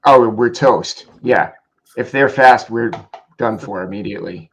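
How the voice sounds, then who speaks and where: A man co-hosting a casual livestream chat, reading out viewer comments with quick asides. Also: lowish voice, vocal fry, a bit bright, slight background noise. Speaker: co-host reading viewer questions.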